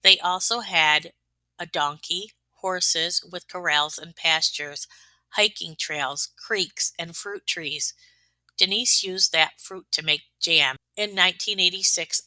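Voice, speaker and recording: A woman reading a scripted tribute narration in an even, recap style. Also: fairly low pitch, no echo. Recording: dry close voice-over.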